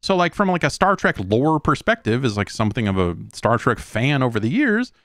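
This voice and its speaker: A man's voice: mid-range voice, very animated, brisk, a bit bright, dry recording, studio quality. A man in his forties hosting a podcast, ranting casually and with exasperation, swearing often and mocking what others say. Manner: profane, exasperated, mocks in quoted voices. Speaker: podcast host.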